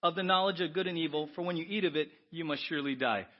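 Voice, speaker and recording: A man's voice: a little high, quick pace, dull audio. A male pastor preaching a sermon, quoting scripture and asking the congregation questions.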